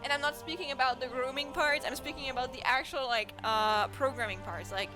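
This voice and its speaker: A woman's voice: high-pitched, steady tone, fairly quick, over music. A young woman from Germany streaming casual chat with viewers, sleepy and giggling until she cries with laughter. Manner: giggly, laughs at her own jokes.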